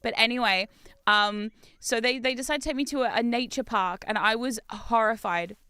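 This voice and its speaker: A woman's voice: on the high side, normal speed, sharp tone, clean tone, dry recording. A woman streaming a game, telling stories in a chatty, self-mocking way with frequent laughs. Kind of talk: casual chat while gaming.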